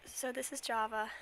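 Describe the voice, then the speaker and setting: A woman's voice: a little high, bright, forceful tone, a little hiss or hum. A young woman, a bit sick, chatting through a casual game stream, rambling and giggly with lots of fillers and apologies. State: slightly sick. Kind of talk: casual Minecraft stream tour.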